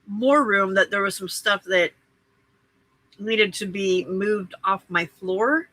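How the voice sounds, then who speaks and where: A woman's voice: mid-range voice, takes it slowly, sharp tone, poor audio. A woman hosting a late-night crafting livestream from her home craft room, chatting casually, greeting viewers by name and teasing herself.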